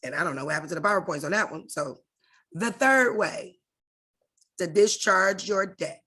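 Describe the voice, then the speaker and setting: A woman's voice: lowish voice, normal speed, pushed and bright, husky. A woman leading an online class over a video call, in a casual and direct instructional tone that addresses her listeners familiarly.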